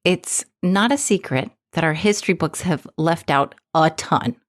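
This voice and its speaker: A woman co-hosting a podcast in casual chat, animated and quick to laugh. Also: deep voice. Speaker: podcast co-host.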